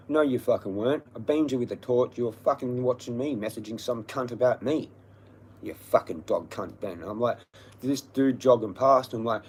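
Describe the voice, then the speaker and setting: An Australian man with a husky, rough-edged voice rants into his livestream. He is heated and profane, and he drops to a mutter before bursting out in loud yelling. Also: medium pitch, moderate pace, low-quality recording. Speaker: livestream host. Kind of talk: angry ranting storytelling.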